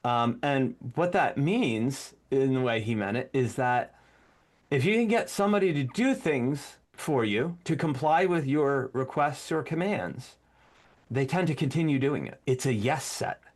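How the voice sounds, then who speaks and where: This podcast co-host is a man with a medium-pitched, unhurried voice. He chats casually and animatedly, acting out commands mid-sentence as he explains things.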